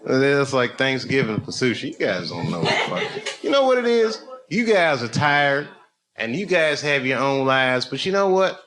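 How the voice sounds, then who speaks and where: A man's voice: mid-range voice, very animated, normal speed, fairly bright tone. A man in his fifties doing loose stand-up, chatting and teasing the crowd in a comedy club. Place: comedy club, audience laughing. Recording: noisy club recording.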